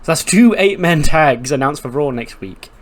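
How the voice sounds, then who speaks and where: A man's voice: a little high, animated, normal speed. A man casually narrating his game playthrough, chatty and storytelling with lots of fillers. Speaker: game streamer.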